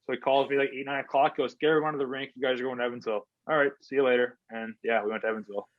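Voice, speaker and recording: A man's voice: medium pitch, steady tone, rapid-fire, no echo. Man, from Canada, hockey player guest, casual storytelling, filler-heavy, quotes conversations, dull dry lo-fi recording.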